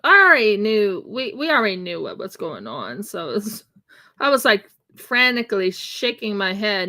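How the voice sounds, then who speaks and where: Speaking at a moderate pace in a mid-range voice, an American woman chats casually during a craft livestream from her home craft room. Animated and talkative, she tells a funny story, performing the dialogue herself.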